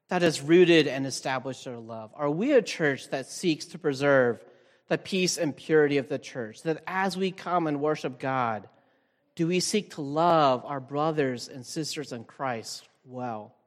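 A man with a slightly high voice speaks as a pastor from the front of a large, reverberant hall. His sermon is casual and searching, full of small fillers and restarts. Each phrase rings out in a long tail of reverb. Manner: relaxed, thinking aloud with frequent fillers and restarts. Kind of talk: conversational sermon.

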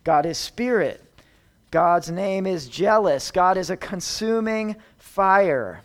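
A man preaching a sermon, measured and emphatic, repeating words for stress. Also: sits high, lively intonation.

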